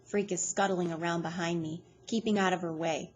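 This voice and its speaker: A woman reading a novel aloud in a steady, plain storytelling manner. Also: lowish voice, brisk, slight background noise. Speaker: reader.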